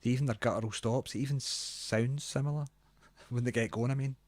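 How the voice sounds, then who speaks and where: A man's voice: medium pitch, fairly even intonation, moderate pace, darkish tone, no echo. Blunt middle-aged Glaswegian man. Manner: blunt, chatty, laughs often, swears freely. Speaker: guitar reviewer co-host. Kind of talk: casual chat.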